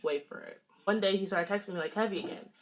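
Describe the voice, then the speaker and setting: A woman's voice: mid-range voice, fast talker. A young woman vlogger from the Los Angeles area, chatting casually through a storytime while getting ready, acting out quoted lines. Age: young adult. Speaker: beauty vlogger.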